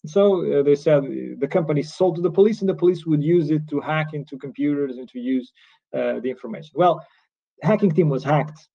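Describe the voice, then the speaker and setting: A man's voice: a little high, a little fast, creaky. A man from Portugal with a Portuguese accent, giving an earnest, explanatory conference lecture as a lecturer. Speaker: lecturer on cybercrime law. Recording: dull lo-fi recording.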